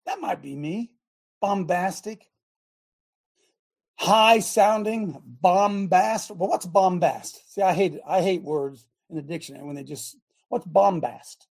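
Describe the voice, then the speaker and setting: A woman hosting a talk show, talking in an emphatic, rambling way, breaking off her own sentences and bursting into shouts. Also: lowish voice, animated, unhurried, vocal fry, husky. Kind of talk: animated talk show monologue.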